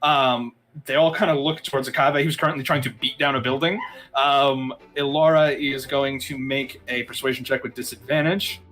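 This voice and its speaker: A man's voice: medium pitch, steady tone, normal speed, a bit bright. A man narrating a tabletop game as game master in a casual way, with frequent fillers.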